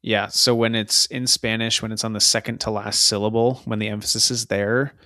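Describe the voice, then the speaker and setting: A man's voice: fairly low pitch, little pitch movement, a little fast, sharp tone, dry recording, clean studio sound. A man co-hosting a podcast, talking casually and explaining things with frequent "you know"s. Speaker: podcast co-host. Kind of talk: casual football chat.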